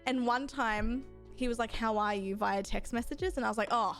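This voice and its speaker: A woman's voice: fairly high pitch, normal speed, few pauses, soft background music. A young woman, chatting casually with her chat while gaming, rambling and swearing freely. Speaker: streamer.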